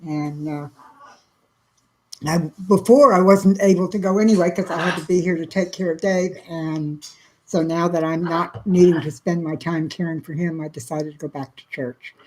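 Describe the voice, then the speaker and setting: A middle-aged woman with a slightly low voice hosts a casual livestream from Texas. She talks softly and warmly to her viewers, reading their comments and greeting each of them by name. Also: steady tone, normal speed, slight background noise, poor audio. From South Central Texas. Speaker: livestream host.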